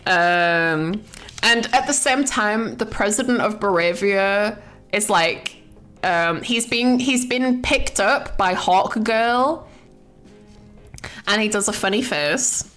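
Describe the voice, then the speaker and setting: A young woman chats loosely on stream, her voice sitting at an ordinary middle pitch. She rambles through her notes, swears freely and keeps slipping into giggles. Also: takes it slowly, a bit bright, soft background music. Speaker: streamer reviewing a film. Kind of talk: casual stream chat.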